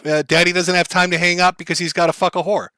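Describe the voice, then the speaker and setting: A man's voice: high voice, little pitch movement, fast talker, pushed and bright, dry recording. A man commenting on a clip during a live stream, talking bluntly and with a lot of swearing to his chat. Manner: blunt, profane, lecturing aside to chat.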